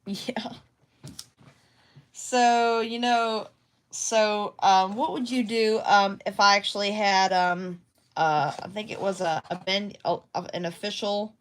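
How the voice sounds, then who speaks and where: A woman vlogging casually at home about her craft projects, rambling and hesitant with many restarts. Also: mid-range voice. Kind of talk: casual talk to camera.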